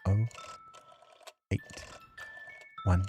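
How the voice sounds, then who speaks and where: A woman's voice: extremely slow, music in the background. A woman streaming a game, chatting casually and giggling between lines. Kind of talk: casual let's play commentary.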